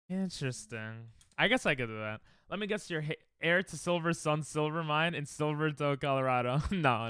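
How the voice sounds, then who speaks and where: A man's voice: a little high, sharp tone, smooth, no echo, clean studio sound. A man rambling and joking in casual livestream chat, often cutting himself off mid-sentence. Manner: rambling, self-interrupting, joking. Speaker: streamer.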